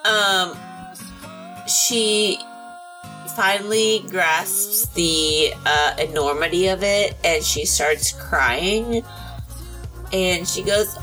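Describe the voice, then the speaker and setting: A woman's voice: lowish voice, extremely slow, long pauses, soft background music, poor audio. A young adult woman playing a tabletop role-playing game, giggly and chatty. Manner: giggly, lively, chatty with fillers. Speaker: player. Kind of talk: casual chat at a game table.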